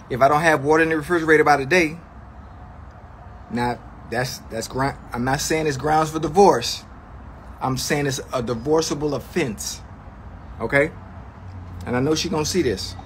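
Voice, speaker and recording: A man's voice: on the high side, fairly bright tone, a little hiss or hum. A man ranting to his livestream chat in a comedic, mock-outraged way, slangy and profane, repeating lines for effect.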